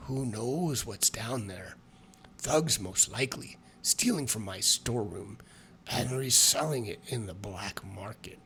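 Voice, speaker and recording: A man's voice: fairly low pitch, unhurried, a bit bright, a little hiss or hum. A man voicing a drunk, sobbing male halfling who talks with a wavering put-on accent. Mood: glum, drunk.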